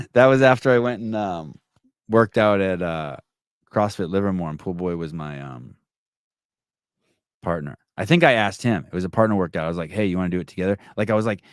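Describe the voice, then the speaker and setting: A podcast host with a lowish voice chats casually, swearing freely and stumbling over restarts as he reads viewer comments aloud. He's profane, rambling and self-mocking, stammering through many false starts. The clean studio sound has no echo.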